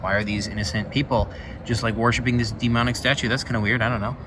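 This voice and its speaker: A man's voice: mid-range voice, flat delivery, fast, noisy background. A man casually walking through his paper game, rambling and filling his talk with "like" and "um". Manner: rambling, full of "like" and "um". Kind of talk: casual walkthrough. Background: background music.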